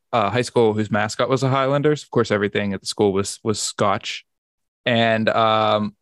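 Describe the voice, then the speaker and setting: A man's voice: on the low side, dry recording, clean studio sound. A man hosting a podcast in casual chat, rambling and often restarting his sentences. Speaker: podcast host.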